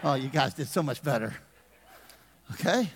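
A man's voice: medium pitch, lively intonation, moderate pace, long reverb tail, a little hiss or hum. A man in his fifties, a pastor preaching a conversational sermon with humor and questions to the congregation. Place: church sanctuary.

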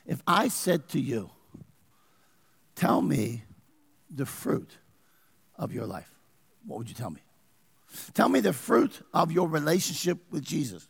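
A man's voice: on the high side, big pitch swings, a little slow, gravelly, long pauses, slightly rough, long reverb tail. A man preaching a sermon as pastor, asking his congregation questions and pressing his points. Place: church.

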